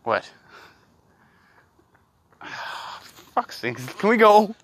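A man chatting and joking crudely while hiking in the woods, teasing his friend with loud outbursts. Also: sits high, sing-song, drawn-out words. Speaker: hiker filming outdoors. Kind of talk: casual joking chat. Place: woods outdoors.

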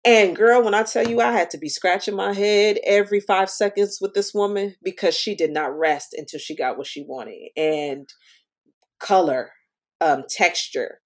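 A woman guest on a casual podcast, telling stories in an animated way and calling the listener "girl". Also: mid-range voice, normal speed. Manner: lively, animated storytelling, calls the listener girl. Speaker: podcast guest, stationery shop owner. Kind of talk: casual interview chat.

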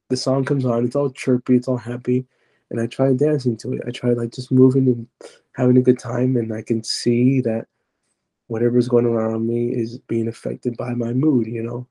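A man's voice: medium pitch, level tone, moderate pace, dark tone. A man, a podcast guest, giving an earnest, confessional account of his personal testimony, often stopping and restarting as he retells it.

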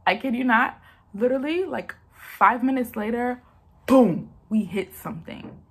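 A young woman with a fairly high, slightly breathy voice tells a story to her vlog viewers at a measured pace. She's chatty, calls her audience "y'all," and acts out the quotes in her casual storytime.

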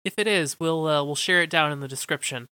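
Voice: mid-range voice, a little fast, pushed and bright, clear, resonant tone, dry recording. A podcast co-host chiming in with brief, dry remarks in casual chat.

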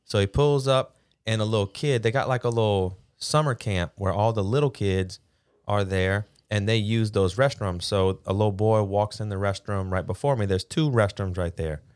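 A man's voice: lowish voice, moderate pace, clear, resonant tone. A man telling a funny story in casual chat as a podcast co-host, acting out the people in it. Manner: animated, acts out voices with a Southern drawl.

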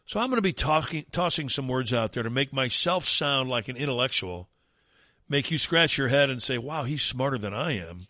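A man's voice: mid-range voice, expressive, moderate pace, sharp tone, no room sound, clean studio sound. A man hosting a talk radio show, delivering a sarcastic, mocking rant in an opinionated monologue.

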